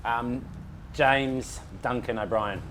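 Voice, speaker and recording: A man's voice: medium pitch, steady tone, takes it slowly. Male host, easy casual interviewer, short prompts, light background hiss. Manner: short encouraging prompts and questions. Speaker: podcast host.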